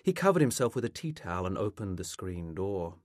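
A male author reading a passage of his literary novel aloud in a measured, expressive way, close to the microphone. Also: low-pitched, no echo.

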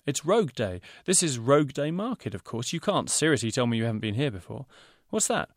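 A man voicing a fussy male fashion designer who talks in rapid, pompous salesman's patter. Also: medium pitch, sing-song, no echo, clean studio sound, pitched above the performer's own voice.

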